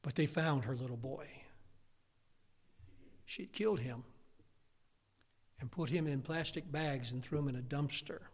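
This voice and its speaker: A male pastor preaching a sermon, swinging from loud, emphatic lines to hushed ones. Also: medium pitch, unhurried, pauses often. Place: church sanctuary. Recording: long reverb of a church hall.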